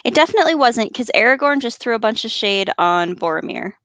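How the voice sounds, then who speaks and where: A woman's voice: sing-song, fairly quick, fairly bright tone, no echo. A woman with a Colorado accent co-hosting a podcast, chatting and joking between passages she reads aloud. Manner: joking, reads narration in a lower solemn voice. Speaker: podcast co-host reading aloud. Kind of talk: casual chat and book read-aloud.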